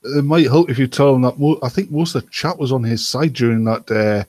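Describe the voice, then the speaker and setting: A man's voice: medium pitch, brisk, a little mellow, dry recording. A man chatting casually and wryly as a panelist on a stream. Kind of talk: casual chat.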